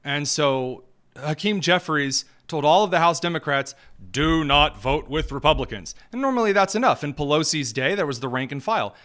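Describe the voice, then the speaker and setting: A male host delivering opinionated political commentary in a sarcastic, mocking, rapid-fire way. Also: fairly high pitch, expressive, fairly bright tone, smooth.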